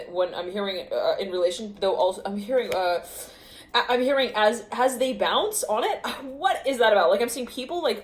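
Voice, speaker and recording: A woman giving an intuitive tarot reading to camera, rambling in fragments, often breaking into laughter. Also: medium pitch. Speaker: tarot reader. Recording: echoey room with faint ambience.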